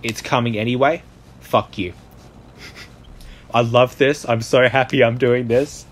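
A man's voice: medium pitch, steady tone, takes it slowly, slight background noise. A man giving casual, joking commentary while playing a video game. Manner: joking, playful. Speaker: game streamer.

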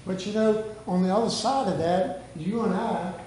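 High-voiced preacher. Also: male voice, moderate pace, a little mellow, reverberant, a little hiss or hum, poor audio. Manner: reads scripture aloud, then preaches with repeated "hey" and restarts. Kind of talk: sermon. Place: church sanctuary.

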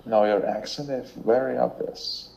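A man from Russia with a Russian accent, talking slowly and hesitantly in casual chat, often pausing to search for words. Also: mid-range voice, steady tone, gravelly, darkish tone, low-quality recording. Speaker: language learner.

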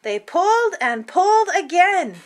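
High, lively woman reading aloud. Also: measured pace. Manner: expressive, playful storytelling. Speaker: children's book reader. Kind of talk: picture book read-aloud.

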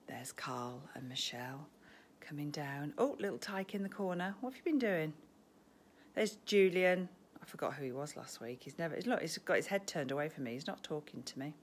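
A woman hosting a live-streamed shop tour. She is chatty and gushing, sometimes dropping to a hushed near-whisper, and speaks into a handheld phone in an indoor shop. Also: sits low. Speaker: shop host. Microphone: phone camera held in hand.

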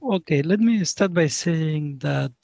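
A man speaking as a sociologist guest, giving a deliberate, lecture-like explanation of his ideas. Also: fairly high pitch, lively intonation, creaky, darkish tone, no room sound. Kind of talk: academic explanation.

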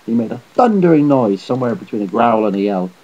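Man reading a fairy tale aloud, dark husky voice, measured pace, dull lo-fi recording. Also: mid-range voice, very animated. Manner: measured, unpolished delivery with slips. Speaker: storyteller.

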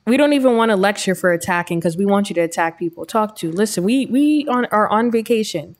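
A woman hosting a let's-play, giving chatty, excitable commentary as she tells her game's story. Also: medium pitch, quick pace. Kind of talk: casual gameplay commentary.

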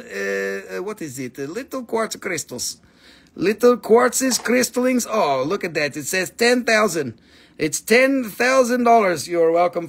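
Joking, gravelly high-voiced man selling rocks. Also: fairly bright tone. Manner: joking, rowdy, swears freely; broken, non-native English grammar. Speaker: host selling minerals on a live stream. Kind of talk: live sales stream, casual patter.

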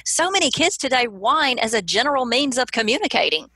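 A woman's voice: sits high, big pitch swings, brisk, slightly rough, dry recording. A middle-aged woman, a guest author, earnestly explaining a parenting method in a conversational interview. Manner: earnest, explanatory, acts out gentle parent lines.

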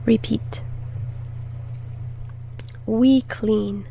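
A woman leads a language lesson at a very slow, deliberate pace, repeating each word carefully so learners can copy it. Her voice sits a little high and has a gravelly edge. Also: fairly even intonation, darkish tone. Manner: repeats words slowly and deliberately, stressing syllables. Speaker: Spanish teacher.

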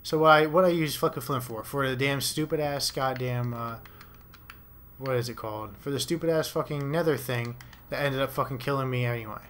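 A man's voice: medium pitch, brisk, a bit bright, a little hiss or hum. A young man giving rambling, profane commentary to himself while playing a game. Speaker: gamer. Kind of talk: casual let's play commentary.

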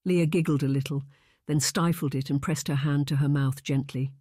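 A man reading a historical romance audiobook aloud in a calm, even storytelling manner. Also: a little high, normal speed, dry recording, clean studio sound. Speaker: audiobook narrator. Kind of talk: audiobook narration.

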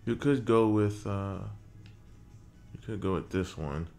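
Man, very low voice, gravelly, casual game commentary, muttering to himself, faint music behind. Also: measured pace, darkish tone. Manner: muttering to himself while working, mild swearing. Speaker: gaming creator.

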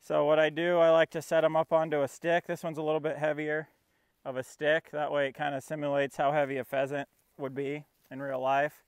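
A man's voice: on the high side, monotone, a little fast, clean tone, no room sound. A man training his puppy outdoors, coaxing the dog and explaining each step in a casual vlog. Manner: coaxing and talking to his dog, narrating between commands. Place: outdoors in a field.

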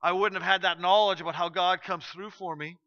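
A man preaching a sermon as pastor, telling a story with sudden shifts from loud to hushed. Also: sits high, fairly even intonation, fairly quick, muffled recording. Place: church sanctuary.

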